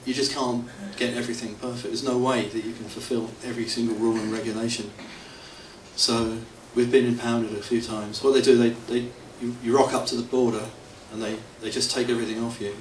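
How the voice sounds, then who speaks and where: A medium-pitched man chuckles his way through rambling, self-mocking anecdotes in an echoey temple hall. He's a devotee telling stories to the audience at the temple's anniversary. A distant hall mic gives the recording a roomy quality and faint hiss.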